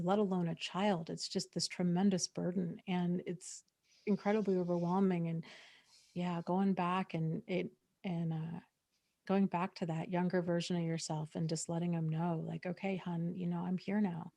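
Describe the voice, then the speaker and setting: A woman's voice: lowish voice, level tone, normal speed, warm tone, no room sound, studio quality. A woman co-hosting a live Q&A, speaking supportively and hesitantly with many fillers. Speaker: co-host. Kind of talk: live Q&A chat.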